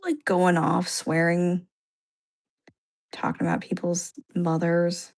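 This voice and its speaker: Casual middle-aged woman, low, gravelly, chatty livestream co-host. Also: completely flat delivery, takes it slowly, a little mellow. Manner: chatty, peppered with "like". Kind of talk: casual chat.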